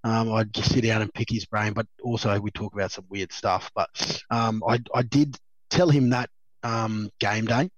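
A man's voice: on the low side, steady tone, moderate pace, no echo. An Australian man in his thirties, a former rugby league player telling stories as a guest in a casual chat, rambling with lots of fillers and laughs. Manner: rambling, laughs a lot, many fillers and restarts. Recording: slightly dull dry recording.

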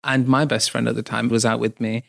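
A young, well-spoken man with a slightly snobby edge recalls meeting his partner. His mid-pitched voice is gravelly with a lot of fry, and his delivery is measured. The recording is close and dry. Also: little pitch movement, dry recording. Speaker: interviewee. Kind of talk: candid storytelling.

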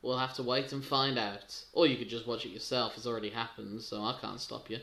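A man co-hosting a wrestling-chat podcast in casual, joking talk. His voice is bright and clear-toned. The room around him rings with echo. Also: medium pitch, steady tone, a little fast. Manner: chatty, joking, self-deprecating. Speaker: podcast co-host. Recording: echoey room.

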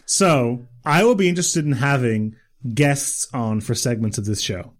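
A man co-hosting a casual podcast, quick and joking in his talk. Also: mid-range voice, expressive. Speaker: podcast co-host.

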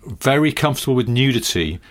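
A man's voice: mid-range voice, animated, brisk. A man co-hosting a podcast, riffing in a dry, whimsical way during casual comedic chat. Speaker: podcast co-host.

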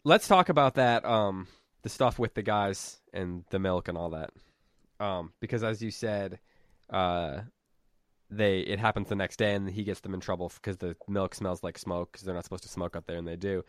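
A low-voiced man talking through a book with co-hosts, relaxed and loose, pausing to think aloud. The sound is dry and close. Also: no room sound. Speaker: podcast co-host. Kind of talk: casual book discussion.

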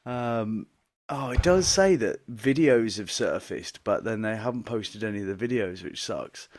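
A man's voice: fairly low pitch, animated, unhurried, a little mellow, no room sound. A man co-hosting a casual podcast, reading odd news stories aloud, swearing, laughing often and calling his co-host "mate".

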